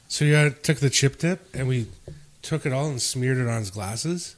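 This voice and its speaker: A man co-hosting a casual podcast chat, a lively storyteller who swears freely and laughs through his tales. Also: medium pitch, normal speed, very noisy. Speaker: podcast co-host.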